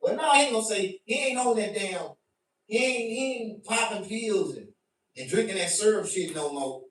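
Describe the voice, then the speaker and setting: A man doing a profane stand-up rant to his stream, animated and bursting into shouts. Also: high-pitched, moderate pace. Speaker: comedian. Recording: very echoey room, mic at a distance.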